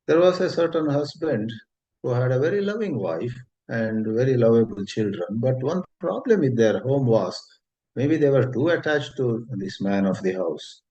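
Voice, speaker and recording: A man with an Indian English accent giving a spiritual talk, gentle and unhurried, telling a story and rephrasing his words as he goes. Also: medium pitch, animated. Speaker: spiritual teacher. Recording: dull lo-fi recording.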